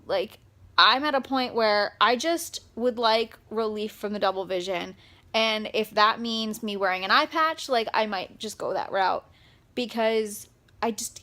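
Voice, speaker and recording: A young woman talking straight to camera in a personal vlog, upset and close to tears, speaking haltingly with many pauses and fillers. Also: mid-range voice, bright, forceful tone. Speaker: vlogger.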